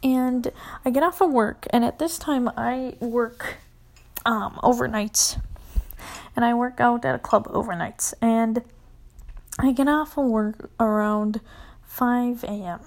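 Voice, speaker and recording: A young woman with a fairly high voice tells a rambling casual story. She swears freely and fills every sentence with "like", and she keeps slipping into a hushed whisper. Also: takes it slowly. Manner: rambling, profane, full of "like"; often drops to a whisper.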